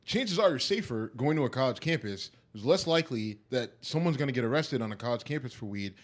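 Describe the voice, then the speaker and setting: A man's voice: medium pitch, lively intonation, fast. A man co-hosting a podcast, arguing his point emphatically in casual chat and checking in with "right?". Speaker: podcast co-host.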